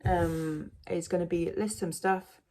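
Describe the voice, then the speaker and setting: A woman's voice: on the low side, fairly even intonation, unhurried, dark tone. A woman vlogging casually from home, rambling and self-mocking, with many fillers. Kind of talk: casual chat to camera.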